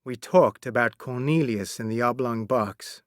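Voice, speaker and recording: A man narrating a graded-reader story for English learners, reading slowly and clearly. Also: mid-range voice, no echo, clean studio sound. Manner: slow, clear, expressive reading. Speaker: audiobook narrator.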